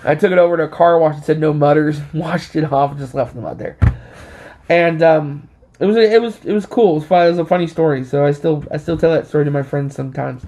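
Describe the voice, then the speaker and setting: A man with a slightly raised pitch tells a casual story in a loose, rambling way. He stumbles over restarts and leans on fillers. He sounds a little short of breath. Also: fast talker, dark tone, muffled recording, slight background noise. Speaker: vlogger.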